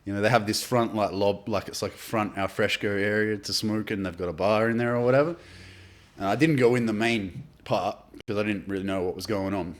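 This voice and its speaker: An Australian man in casual podcast chat, telling animated anecdotes and swearing freely. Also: fairly low pitch, fairly quick. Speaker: podcast guest, artist.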